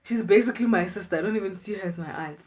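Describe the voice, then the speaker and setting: A woman in her twenties chatting through an animated storytime vlog. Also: mid-range voice, rapid-fire. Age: 20s. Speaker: vlogger.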